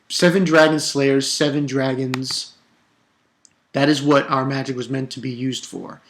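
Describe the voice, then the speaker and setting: A man giving a casual spoken review of a manga chapter, ranting with exasperation and stumbling over repeated words. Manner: animated, exasperated ranting with sudden pitch jumps; halting, with frequent repeated words.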